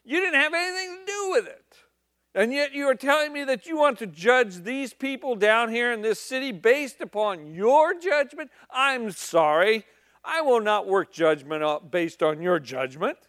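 A preacher voicing a stern, scolding God. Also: male voice, very high voice, expressive, normal speed, fairly bright tone, no room sound, clean studio sound, pitched above the performer's own voice.

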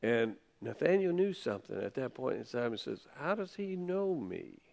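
In a conversational sermon, a man reads scripture and retells it in casual, everyday language. His mid-range voice is sing-song and darkish with vocal fry, moving at a normal speed.

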